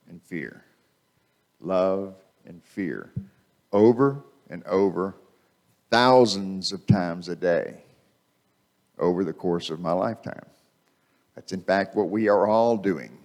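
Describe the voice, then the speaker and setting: Man preaching conversationally. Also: lowish voice. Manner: conversational, repeats phrases for emphasis. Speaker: guest speaker. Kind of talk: sermon. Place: church sanctuary. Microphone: microphone.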